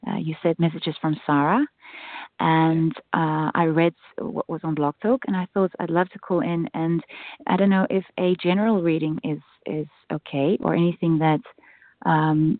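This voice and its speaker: A woman from South Africa with a softened South African accent, calling in to a radio show, soft-spoken and hesitant. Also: low voice, no echo. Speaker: caller. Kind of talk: call-in radio chat. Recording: dry, tinny phone line.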